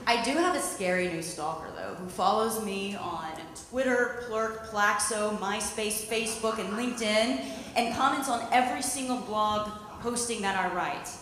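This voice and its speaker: A woman's voice: medium pitch, normal speed. A woman in her thirties, a former TV news anchor, doing a stand-up set with wry, self-mocking punchlines on a club stage. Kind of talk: stand-up comedy routine. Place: comedy club stage with live audience. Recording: echoey hall with loud background noise.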